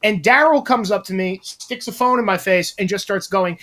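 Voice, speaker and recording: A man's voice: sits high, moderate pace, few pauses, sharp tone. A man from New Jersey, co-hosting a casual podcast, telling stories with lots of profanity and rambling asides.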